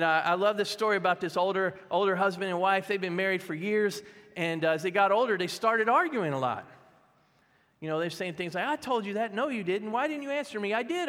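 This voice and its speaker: A man's voice: high-pitched, fairly bright tone. A man preaching a sermon, speaking emphatically and directly to his congregation, acting out the people in his stories. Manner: acts out quoted voices in stories. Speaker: pastor. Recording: long reverb of a large hall.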